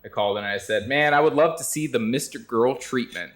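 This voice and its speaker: A man's voice: medium pitch, fairly quick, a bit bright. A man calling in to a stream, chatting casually and agreeably, laughing along and giving short affirmations. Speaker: caller. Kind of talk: casual call-in chat.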